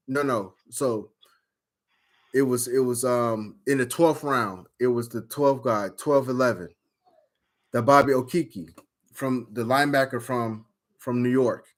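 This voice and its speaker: A man casually recapping a fantasy draft, rambling and swearing with lots of fillers and outbursts. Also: mid-range voice. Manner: rambling, profane, animated storytelling with frequent fillers. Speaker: fantasy football league member.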